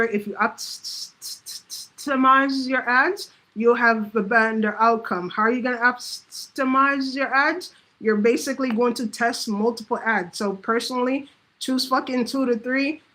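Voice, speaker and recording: This vlogger's voice sits on the high side and sounds a bit bright, though the audio is poor. Talking straight to the camera in an off-the-cuff monologue, she gives blunt, swear-filled business advice and frequently performs what others said to her.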